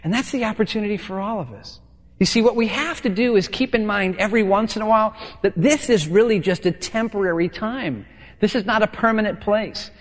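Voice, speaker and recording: A man preaching from the pulpit with a notably high voice. His sermon is chatty and playful, slipping into little acted exchanges. The sound rings out with a long hall reverb. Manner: conversational, playful, acts out dialogue. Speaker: pastor.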